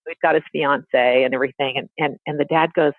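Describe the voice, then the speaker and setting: A woman therapist telling a story in a casual, animated way, acting out the people she quotes. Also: low-pitched, brisk, no room sound. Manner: animated, acts out quoted voices. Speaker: therapist and guest. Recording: tinny phone-like line.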